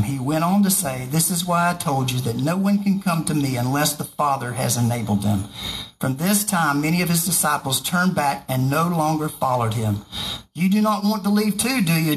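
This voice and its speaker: A man's voice: on the high side, a little hiss or hum, poor audio. Casual man reading scripture with asides. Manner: reads scripture aloud and breaks off for joking asides. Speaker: preacher. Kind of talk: casual Bible reading with commentary.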